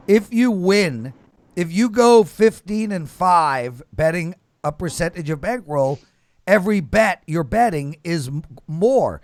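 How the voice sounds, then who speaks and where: A man's voice: fairly high pitch, no echo. Emphatic male sports-betting host. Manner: emphatic, lecturing, swings between loud and mumbled. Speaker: show host. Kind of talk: casual betting panel talk.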